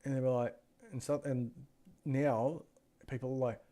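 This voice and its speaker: Through a gaming headset mic, a male co-host of a PC deals show rambles chattily with anecdotes, mutters as he browses, and lets sentences trail off. He talks at normal speed in a mellow, medium-pitched voice with fairly even intonation.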